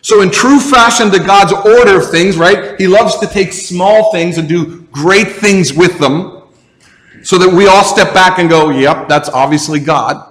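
A man's voice: high-pitched, a little slow, fairly bright tone, in a large hall. A man preaching a sermon as a pastor, in a conversational way with asides and restarts.

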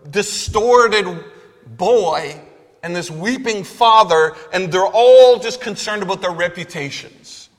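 A man's voice: high-pitched, fairly bright tone. A male pastor preaching a sermon in a conversational, emphatic way, in a church. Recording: long hall reverb.

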